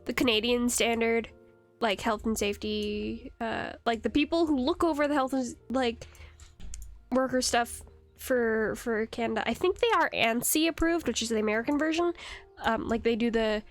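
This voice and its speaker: A woman's voice: fairly high pitch, moderate pace, faint music behind. A young woman streaming a game, chatting casually, rambling and giggling as she answers her chat. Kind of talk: casual live-stream chat while gaming. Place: home computer setup.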